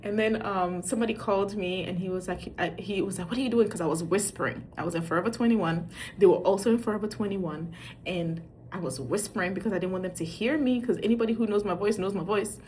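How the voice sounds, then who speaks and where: A middle-aged woman telling a funny parenting story in a casual, animated way. She acts out the dialogue and pokes fun at herself. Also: medium pitch, fast talker, slight background noise. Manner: animated, acts out quoted dialogue, self-mocking. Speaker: parent sharing dating advice.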